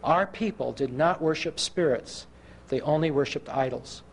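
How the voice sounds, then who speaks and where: A man preaching a sermon, telling a story and acting out the voices of the people in it, slowing down for emphasis. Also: a little high, noisy background. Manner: animated, acts out quoted voices.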